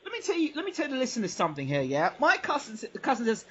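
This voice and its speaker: A man's voice: extremely high pitch, racing, slightly rough, muffled recording. A British man hosting a casual interview, telling stories with animation and frequent laughter. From United Kingdom. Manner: animated storyteller, laughs often. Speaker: host.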